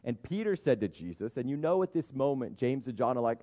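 A man's voice: mid-range voice, sing-song, fast talker, hardly any pauses, muffled recording. A man preaching a sermon in a conversational, humorous way, often stopping to restart his sentences. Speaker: pastor.

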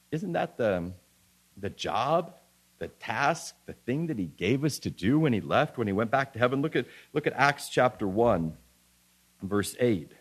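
Male preacher, mid-pitched, earnest sermon delivery with repeated restarts and scripture reading.

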